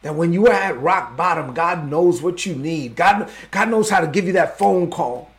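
A man's voice: on the high side, lively intonation, moderate pace. A man preaching a sermon as pastor, fervent and openly emotional.

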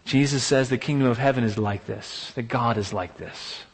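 A man's voice: mid-range voice, moderate pace, slightly rough. A man preaching a sermon, emphatic, piling up repeated rhetorical exclamations. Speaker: pastor. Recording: long hall reverb.

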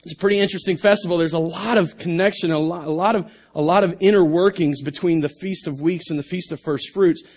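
A man's voice: high voice, fairly even intonation, quick pace, few pauses, darkish tone. A man preaching a sermon on a church stage. He reads scripture aloud and then explains it in a conversational way, with repeated words and restarts. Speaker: pastor. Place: church stage under bright lights.

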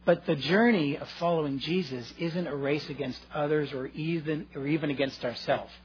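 A man's voice: on the high side, normal speed, muffled recording, slight background noise. A male pastor preaching a sermon, earnest and conversational, addressing his listeners directly.

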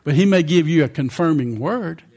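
A slightly mellow, somewhat higher-than-average male voice belongs to an older preacher giving a conversational sermon and checking in with the congregation. His intonation is lively and his pace moderate.

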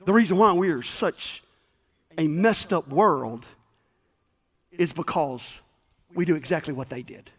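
A male pastor preaching a sermon in a folksy, animated storytelling style. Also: a little high, unhurried, long pauses, breathy edge. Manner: folksy, animated, acts out quotes.

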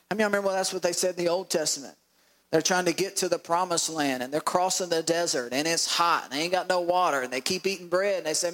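High-voiced pastor preaching with fervor. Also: male voice, fast talker, a bit bright. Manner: preaching with rising, pleading outbursts and call-and-response questions. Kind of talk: sermon.

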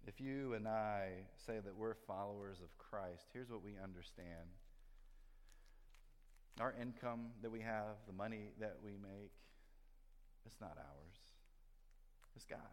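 A man preaching a sermon to his congregation, telling a story with lively rises and then earnest, hushed appeals. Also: on the low side. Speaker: pastor. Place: church sanctuary. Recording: long hall reverb.

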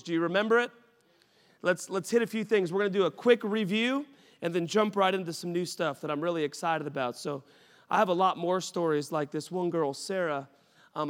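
A young adult man preaching a sermon as pastor, telling stories with animated energy and bursts of shouting. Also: high voice. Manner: animated, rising to shouts when excited. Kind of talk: sermon storytelling. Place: church sanctuary. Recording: reverberant church hall.

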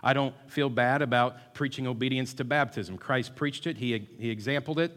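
A male pastor delivers a sermon in an emphatic way, repeating his key words and at times urging the congregation to answer him. His voice sits in a middle pitch. The sound carries the long reverb of a church hall. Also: normal speed, hardly any pauses. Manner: emphatic, builds to loud call-and-response, repeats words. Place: church sanctuary.

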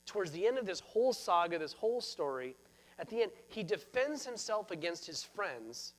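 A man preaching a sermon as pastor, earnest and repeating phrases for emphasis. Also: sits high.

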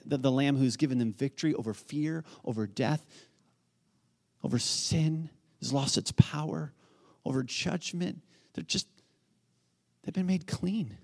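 Animated preaching man, fairly high voice. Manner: animated, swings from quiet to near-shouting. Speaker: pastor. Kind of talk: sermon.

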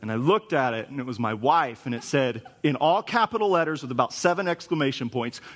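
A man's voice: medium pitch, expressive, brisk. A man in his forties preaching a sermon in an earnest, conversational way, with stories woven in. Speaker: pastor.

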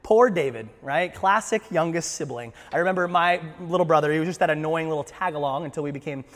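Animated high-voiced preacher in church. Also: male voice, fast talker, long reverb tail. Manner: animated, acts out scripture with voices. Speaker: pastor. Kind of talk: sermon.

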